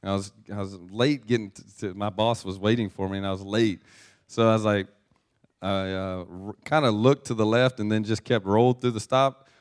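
A man's voice: fairly low pitch, steady tone, moderate pace. A male pastor telling a personal story in a casual, chatty sermon and reading from scripture, with frequent restarts.

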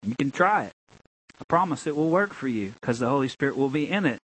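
A man, a pastor, preaching a sermon, swinging between emphatic, drawn-out lines and low, conversational asides. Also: animated, a bit bright, slightly rough, low-quality recording.

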